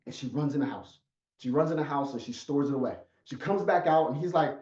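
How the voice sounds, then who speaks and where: Man, life coach, emphatic, slightly high voice, echoey, muffled sound. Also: fairly quick, darkish tone. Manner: emphatic, repetitive storytelling. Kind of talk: motivational talk.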